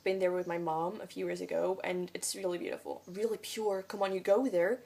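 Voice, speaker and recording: A woman's voice: fairly low pitch, fairly even intonation, brisk, gravelly, darkish tone. A young woman whose first language is French, chatting through a casual Q&A vlog in English, hesitant and rambling with many fillers. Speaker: vlogger.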